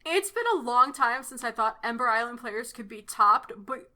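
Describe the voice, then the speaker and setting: A woman's voice: fairly high pitch, moderate pace, pushed and bright. A woman co-hosting a casual podcast, gushing and swearing casually. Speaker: podcast co-host. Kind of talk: casual chat.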